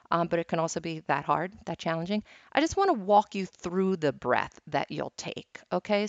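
A woman's voice: fairly low pitch, vocal fry, no echo. A woman hosting a meditation podcast, teaching in a casual, chatty way and telling stories with frequent laughs, on a dull, lo-fi recording. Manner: chatty, storytelling, laughs often.

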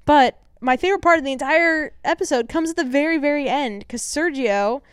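A woman's voice: high voice, a little fast, no room sound, clean studio sound. A woman co-hosting a podcast in an upbeat, chatty way. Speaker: podcast co-host. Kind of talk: casual podcast chat.

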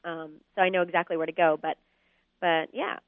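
A woman's voice: lowish voice, little pitch movement, a little fast, dry recording. A woman calling in as a guest, chatting casually and thinking aloud with many ums and uhs. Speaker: guest on the phone. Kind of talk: casual interview chat. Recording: tinny phone line.

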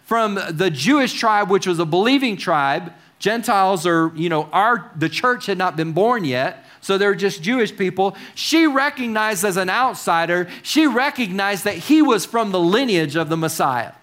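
Male preacher, high voice, casual sermon with wry asides and questions to the congregation. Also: expressive, normal speed, few pauses, a bit bright. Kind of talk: conversational sermon.

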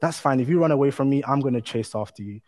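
A patient mother bunny from a storybook, calm and steady as she promises to follow, played by a man in his own voice. A long hall echo trails each line. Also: mid-range voice, fast, close to an everyday voice. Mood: reassuring. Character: patient loving mother bunny from a children's book.

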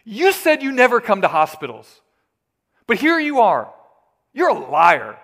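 A preacher voicing a sick man who shouts angry accusations in a raspy voice. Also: high voice, wildly swooping pitch, a little slow, voice pushed up, exaggerated voice. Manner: loud and accusing.

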